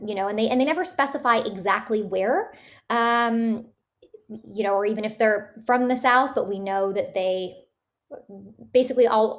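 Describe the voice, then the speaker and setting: A woman from Canada, a voice actress, chatting casually in an interview with many fillers and restarts. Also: mid-range voice. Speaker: voice actress guest.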